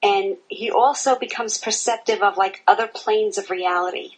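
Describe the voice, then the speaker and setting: Casting: woman co-host, husky mid-range voice, halting and filler-heavy. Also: mid-range voice, rough recording. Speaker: podcast co-host. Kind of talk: casual podcast chat.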